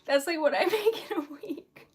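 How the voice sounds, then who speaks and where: A woman's voice: very high-pitched, animated, normal speed, faint music behind. A woman live streaming while she crafts. She talks in an emotional, flustered, giggly way and sounds teary and shaky.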